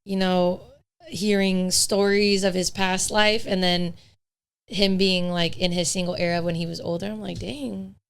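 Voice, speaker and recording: A woman's voice: fairly low pitch, little pitch movement, moderate pace, smooth. A young woman, a podcast guest, chatting casually and telling her dating stories in a blunt, candid way with some swearing. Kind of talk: casual chat.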